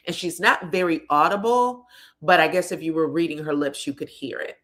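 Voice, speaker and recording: A woman with a low, fairly bright voice at normal speed casually recaps a reality show episode. She is chatty and conversational, dropping in "you know what I'm saying".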